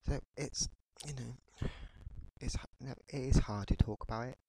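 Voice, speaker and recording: A man in his thirties hosting a podcast, ranting in a frustrated, halting way and often pausing on "you know". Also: medium pitch, steady tone, mellow, husky, no room sound, low-quality recording. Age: 30s. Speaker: podcast host. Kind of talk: podcast rant monologue.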